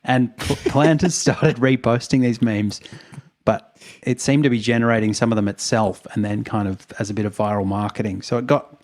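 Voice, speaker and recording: A man, co-hosting a podcast, retelling events in a rambling, wry way with chuckles. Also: mid-range voice. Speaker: podcast co-host. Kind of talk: casual storytelling chat.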